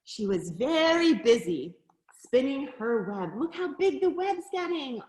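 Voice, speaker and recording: An educator reads a picture book to young listeners in a high, sing-song voice that leaps around expressively. She takes her time, gasps at each discovery and keeps turning to the children with questions. The sound is roomy, with a clear echo. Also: very animated, unhurried, a little mellow. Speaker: nature center educator.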